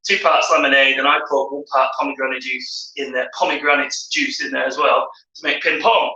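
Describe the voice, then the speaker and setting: A man with a Yorkshire accent co-hosting a casual live-streamed chat, cracking deadpan jokes. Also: medium pitch, brisk. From Yorkshire, northern England. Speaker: co-host. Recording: dull, roomy sound from a distance off the mic.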